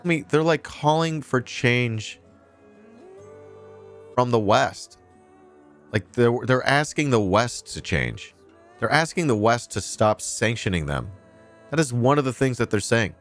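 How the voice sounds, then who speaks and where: A man's voice: medium pitch, lively intonation, measured pace, long pauses, soft background music. A man commenting sarcastically and indignantly on a news clip during a casual live stream, throwing in crude asides.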